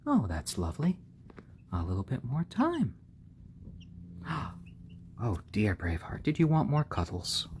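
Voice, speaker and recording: A man hosting a casual live stream, talking gently and fondly to his baby chicks and thanking viewers. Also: medium pitch, wildly swooping pitch, normal speed, a little hiss or hum. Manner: gentle, doting, talks softly to the chicks.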